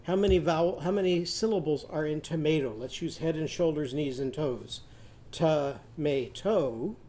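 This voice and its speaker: A man with a fairly high, mellow voice leads a literacy lesson for young children. He stretches out speech sounds and syllables so the class can copy them, then invites everyone to repeat after him. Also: brisk. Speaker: teacher.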